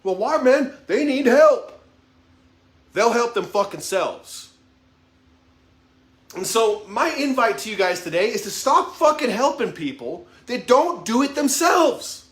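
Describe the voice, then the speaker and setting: A man's voice: extremely high pitch, big pitch swings, a little slow, fairly bright tone, roomy sound. A man in his thirties giving an impassioned motivational monologue, swearing heavily in a raw, emphatic way. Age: 30s. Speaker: vlogger.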